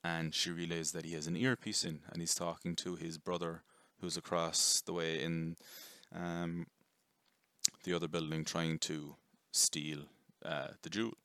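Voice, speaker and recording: A man giving a casual, rambling movie review, chatty and quick to swear. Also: low-pitched, level tone, fairly bright tone, smooth, no echo. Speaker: film reviewer.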